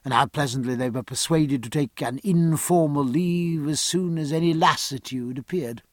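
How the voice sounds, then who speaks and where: A man narrating an audiobook in a measured, literary storytelling style. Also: on the high side, darkish tone, no echo, clean studio sound. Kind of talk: scripted narration.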